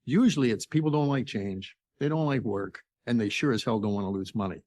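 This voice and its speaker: Older man, from Canada, podcast guest, lively storyteller, voices each side of a conversation, dry sound. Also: lowish voice, a little fast, dry recording. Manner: animated storyteller acting out dialogue. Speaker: entrepreneur guest. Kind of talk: storytelling interview.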